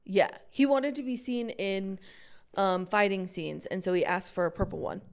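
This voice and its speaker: A woman co-hosting a podcast, answering trivia and telling stories in an excitable, bubbly way, often gasping. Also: medium pitch, normal speed, smooth. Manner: bubbly, gasps, excitable storytelling. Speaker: podcast co-host. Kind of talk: casual chat, answering trivia.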